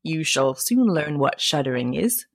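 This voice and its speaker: A woman's voice: medium pitch, wildly swooping pitch, a little slow, a little mellow, slightly rough, full character voice. A woman voicing a sly, self-assured sexton. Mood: scheming. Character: scheming village sexton, confident man.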